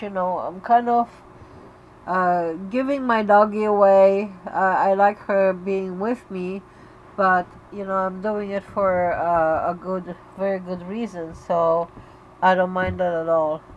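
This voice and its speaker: In her bedroom, a woman hosts a casual livestream chat for an epilepsy community, opening up emotionally to viewers amid many fillers and restarts. Her voice is medium in pitch. The highs are cut off, and there's a little hiss or hum.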